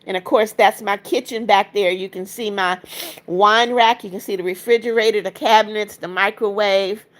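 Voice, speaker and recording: A woman's voice: medium pitch, steady tone, moderate pace. A woman hosting a casual livestream from her apartment, chatting and reading viewer comments aloud as she shows viewers around. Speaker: livestream host.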